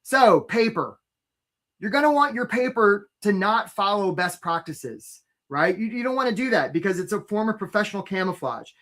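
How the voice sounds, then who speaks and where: A man delivers an energetic live webinar pitch to job seekers in a high, animated, slightly bright voice at normal speed. Chatty and upbeat, he greets viewers by name and keeps tossing in "right?"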